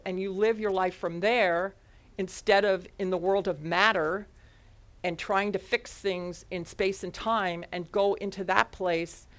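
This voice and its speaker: Woman minister telling a lively story. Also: mid-range voice. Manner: animated storytelling with frequent laughs. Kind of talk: sermon. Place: church service before a congregation. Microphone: headset mic.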